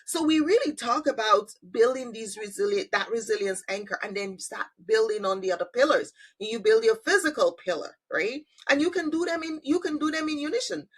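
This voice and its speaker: A woman's voice: on the high side, lively intonation, fairly quick, hardly any pauses, breathy edge. A woman hosting a podcast, enthusiastic and affirming as she explains her own model. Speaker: podcast host and conflict analyst. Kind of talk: interview conversation.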